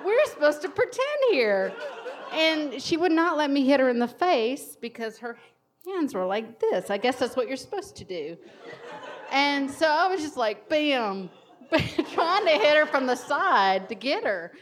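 A woman telling a funny personal story to an audience, lively and laughing often. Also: high-pitched, a little slow, a little hiss or hum.

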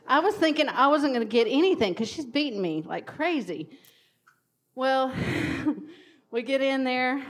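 A woman telling a funny personal story to an audience, lively and laughing often. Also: mid-range voice.

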